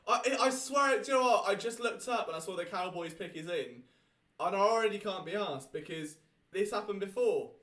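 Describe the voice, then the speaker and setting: A man with a British accent hosting a live sports draft watchalong, chatty and excitable, often correcting himself mid-thought. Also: sits high. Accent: British English. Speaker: host.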